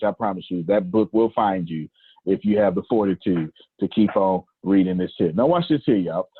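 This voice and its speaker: Speaking in a medium-pitched voice with a breathy edge, a man leads an energetic group coaching call on video, emphatic, preachy and full of slang as he teases his listeners. The call audio is tinny and dry, with no echo.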